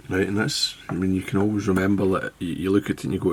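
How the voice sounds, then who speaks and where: A man with a low, gravelly voice talks through a fly tying demonstration in a relaxed, unhurried way. He thinks aloud as he works, calmly explaining each step to the viewer. The recording has a faint hiss underneath.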